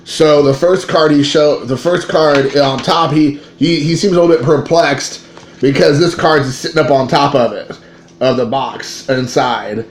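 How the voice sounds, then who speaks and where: A man, a father in his thirties, telling a card-collecting story in a rambling, excitable way with many restarts. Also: on the high side, a little slow. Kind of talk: casual storytelling to camera. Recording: echoey room with faint ambient noise.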